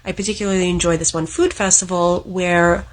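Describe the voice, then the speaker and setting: A woman's voice: fairly low pitch, steady tone, brisk. Canadian woman telling a story. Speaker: former financial advisor. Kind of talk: casual anecdote to camera.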